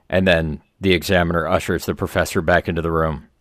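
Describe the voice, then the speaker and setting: Comedy podcast co-host, deep-voiced man, dry and deadpan, rambling tales. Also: fast, no room sound. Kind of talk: casual comedy podcast chat.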